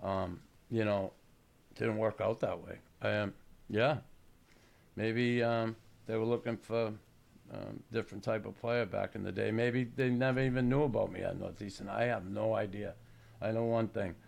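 A man in his sixties, a retired hockey player hosting a chat show, telling stories in a halting, plainspoken way. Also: fairly low pitch, fairly even intonation, creaky, a little mellow. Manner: halting, restarts, plainspoken storytelling. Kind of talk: casual podcast chat.

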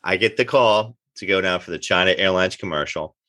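A middle-aged man tells stories from his acting career in a casual interview, jumping into the voices of the people he quotes. His voice sits on the lower side and has a bright, forceful edge. The sound is close and dry. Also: brisk, dry recording. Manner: animated anecdotes, acts out quoted dialogue. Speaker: actor guest.

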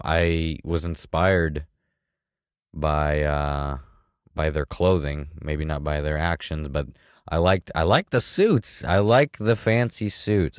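A man's voice: very deep voice, smooth, no room sound, studio quality. A young man talking to camera in a casual, rambling monologue full of fillers and restarts. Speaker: vlogger.

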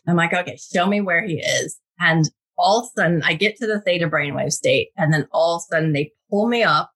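Husky woman telling a wild story. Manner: animated, acts out quotes with big pitch jumps. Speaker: guest, intuitive reader. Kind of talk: casual podcast storytelling.

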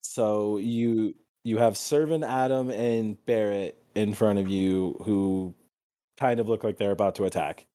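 A man's voice: lowish voice, fairly even intonation, measured pace, mellow. A man narrating as game master of a tabletop role-playing game, in a laid-back, chuckling way.

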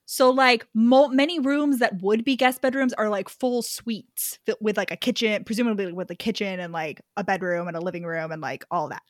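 A woman's voice: mid-range voice, fairly bright tone, no room sound, studio quality. A woman co-hosting a book podcast, chatting casually with lots of "like" and frequent giggles. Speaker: podcast co-host. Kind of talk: casual book-club chat.

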